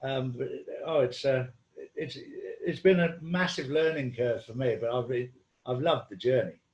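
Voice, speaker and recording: A man's voice: medium pitch, moderate pace, darkish tone, roomy sound, dull audio. A man in casual conversation, telling rambling stories with lots of ums and restarts. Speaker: guest.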